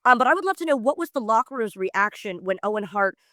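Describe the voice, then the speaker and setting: A woman's voice: a little high, animated, quick pace, sharp tone, no echo, studio quality. A woman in her thirties hosting an interview podcast, gushing and asking long multi-part questions. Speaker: podcast host. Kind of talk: casual interview chat.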